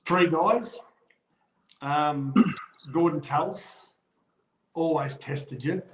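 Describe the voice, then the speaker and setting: Speaking extremely slowly in a fairly high voice, a middle-aged Australian man who used to play rugby league tells stories in a casual chat. He is an animated yarn-spinner who acts out quoted voices. The recording is low quality and has a roomy sound.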